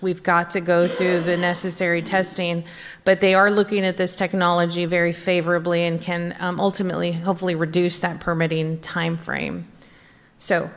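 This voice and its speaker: A woman serving as city manager addresses the council in an earnest, measured way. Her voice runs fairly low and flat. The sound rings with the long reverb of a meeting chamber. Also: gravelly. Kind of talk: formal remarks at a council meeting.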